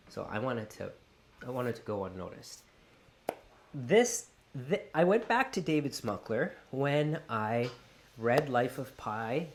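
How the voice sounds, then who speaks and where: A man's voice: medium pitch, unhurried, a little hiss or hum. A Canadian man in his forties, an actor speaking with an American accent, chatting to camera and switching in and out of accent demonstrations. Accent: General American, put on over a Canadian one. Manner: animated, slips in and out of accent demonstrations. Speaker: actor and vlogger. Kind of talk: casual talk to camera.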